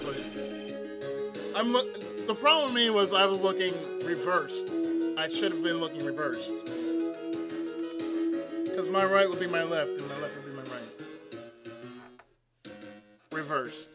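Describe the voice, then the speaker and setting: A man's voice: high-pitched, measured pace, pauses often. A man doing let's-play commentary, reading game dialogue and thinking aloud with jokes and self-corrections. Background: game music.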